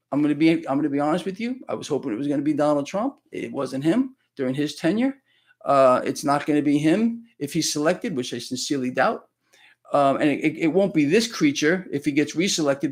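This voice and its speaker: Ranting man hosting live market talk. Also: fairly high pitch. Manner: ranting, blunt, with many repeated words and restarts; addresses viewers as "people". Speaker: financial commentary host. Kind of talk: live solo market commentary.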